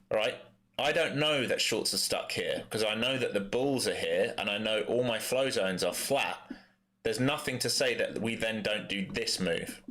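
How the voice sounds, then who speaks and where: London-accented man, day trader live stream, lowish voice, bright forceful tone, blunt casual asides. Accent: London English. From East London, England. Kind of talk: live trading commentary with chat replies.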